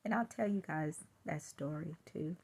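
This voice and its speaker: A woman's voice: low-pitched, normal speed, a little mellow, husky. A woman telling a personal story in a chatty way, laughing now and then and acting out what people said. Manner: chatty, laughs while telling, acts out quotes.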